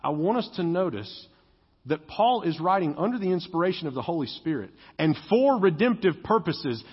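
A male pastor with a high, husky voice preaches a conversational sermon, slipping into other voices to act out quotes. The sound is dull and lo-fi, with a long reverb from a church sanctuary. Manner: conversational and joking, acting out quoted speech.

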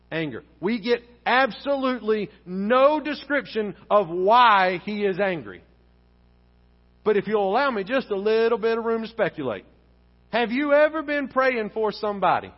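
Man preaching, very high voice, animated delivery, long church reverb, muffled sound. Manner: animated preaching, acting out dialogue. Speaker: pastor. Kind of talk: sermon. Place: church sanctuary. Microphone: wearing a face mask.

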